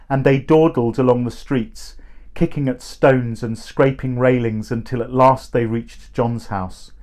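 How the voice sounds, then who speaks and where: Slow, measured male storyteller. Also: medium pitch. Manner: measured, expressive. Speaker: reader of a short story. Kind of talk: storybook reading.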